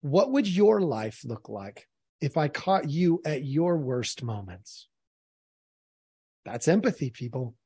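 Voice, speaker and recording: A man's voice: fairly high pitch, big pitch swings, takes it slowly, mellow, slightly rough, dry recording, studio quality. A man commenting earnestly on a played clip, speaking directly to his audience. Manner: earnest, addresses the audience as folks.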